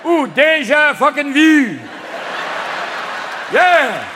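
A man voicing an angry, swearing male GPS voice with a Scottish accent, shouting directions. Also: very high-pitched, big pitch swings, very slow, crowd noise, background noise, voice pushed up, heavily acted. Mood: furious. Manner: shouting, cursing.

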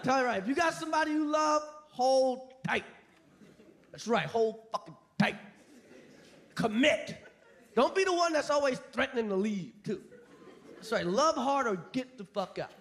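A man doing a stand-up routine on a club stage, profane and animated, shouting his punchlines over a laughing crowd. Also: very high voice, moderate pace, pauses often. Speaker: stand-up comedian. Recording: live crowd laughter and noise.

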